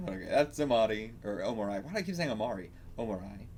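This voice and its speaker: A man's voice: lowish voice, very animated, fast talker, darkish tone, a little hiss or hum. A man reacting to a manga, rambling casually, swearing and laughing as he reads.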